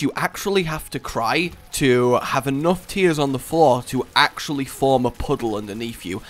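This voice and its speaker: A man's voice: medium pitch, moderate pace, few pauses. A young man giving casual gameplay commentary as a video host, rambling playfully through silly tangents. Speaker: let's play host.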